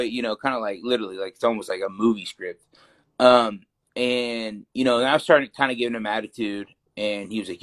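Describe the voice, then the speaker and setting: A man's voice: fairly low pitch, steady tone, a little fast. A young man talking casually in an interview, rambling with many fillers as he tells his story. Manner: loose, rambling, heavy fillers. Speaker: interview guest, fighter.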